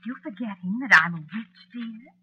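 A woman's voice: a little high, lively intonation, normal speed, pushed and bright, breathy edge, heavily acted, poor audio. An actress playing a jealous witch wife in a 1940s radio drama, coaxing and playful with a cold edge. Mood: teasing. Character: teasing, jealous witch wife, coy and menacing.

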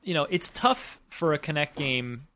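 A man with a bright, forceful voice co-hosts a casual podcast. His pitch swings widely as he steers the conversation. He speaks in quick bursts with frequent restarts. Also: big pitch swings. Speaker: podcast co-host leading the show.

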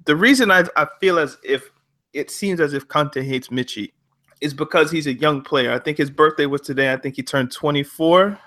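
Bright-voiced man hosting a podcast. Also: fairly high pitch, moderate pace. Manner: relaxed, hesitant with frequent ums. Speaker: podcast host.

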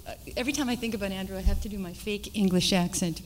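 A woman painter on a panel, telling a personal story in an animated, halting way full of restarts. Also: mid-range voice, slight background noise, low-quality recording. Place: panel discussion at an art school.

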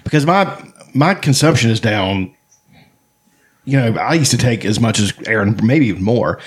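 A man's voice: medium pitch, animated, normal speed, husky. A man in casual chat among friends, rambling and swearing freely. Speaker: podcast co-host.

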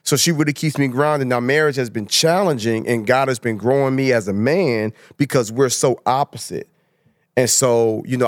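A man's voice: medium pitch, no room sound, clean studio sound. A man speaking as a motivational speaker and guest, telling stories in an earnest, emphatic way in a casual conversation. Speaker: husband, father and church elder.

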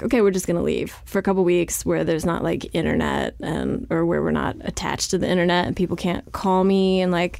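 A woman's voice: lowish voice, gravelly, a little mellow, no echo, clean studio sound. A woman author speaking as an interview guest, chatty and candid, scattering "like" through her sentences with a wry, self-deprecating humor.

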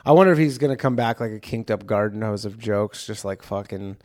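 A man co-hosting a casual comedy podcast, laid-back and agreeable, turning animated when he riffs. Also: fairly low pitch, a little fast.

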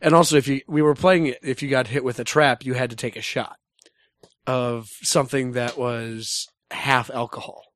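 A man co-hosting a gaming podcast, hoarse and a little wispy from being sick, playful and joking. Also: medium pitch, steady tone, normal speed, fairly bright tone, no echo. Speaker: podcast co-host. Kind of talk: casual gaming podcast chat.

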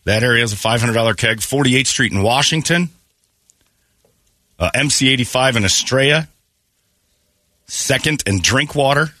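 A man's voice: mid-range voice, expressive, moderate pace, pauses often, sharp tone, dry recording. A man hosting a casual morning radio show, congested from allergies, loose and jokey in a studio.

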